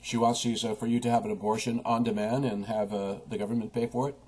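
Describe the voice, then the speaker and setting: A man's voice: medium pitch, flat delivery, fast talker, a little mellow, slightly rough. A man delivering an impassioned political rant, preaching at his listeners and quoting scripture. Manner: preachy, quotes scripture, talks straight at the audience. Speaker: political commentator.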